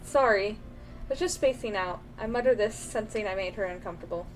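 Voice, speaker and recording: A woman's voice: medium pitch, a little fast, a little hiss or hum, low-quality recording. A young woman streaming a game, reading its narration aloud while chatting and cooing at her baby.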